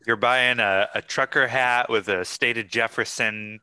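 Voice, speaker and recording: A man co-hosting a casual chat, dropping slow, dry quips. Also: mid-range voice, fairly even intonation, heavy background noise. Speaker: podcast co-host.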